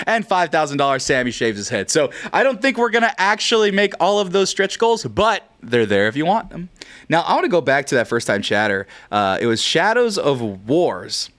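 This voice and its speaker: A man's voice: on the high side, a bit bright. Joking, rambling male stream host. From California. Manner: joking, rambling, playful swearing. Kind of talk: casual livestream chat.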